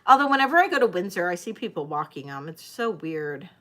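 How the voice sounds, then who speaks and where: A woman's voice: fairly low pitch, big pitch swings, fast talker, pushed and bright. A woman hosting a live-stream vintage jewelry sale, chatting directly with her viewers. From Detroit area, United States. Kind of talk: live-stream auction chat.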